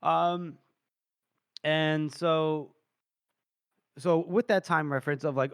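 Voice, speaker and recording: A man co-hosting a podcast who retells a story in a casual, animated way and laughs often. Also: a little high, takes it slowly, pauses often, clear, resonant tone, dry recording, studio quality. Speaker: podcast co-host. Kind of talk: casual book discussion.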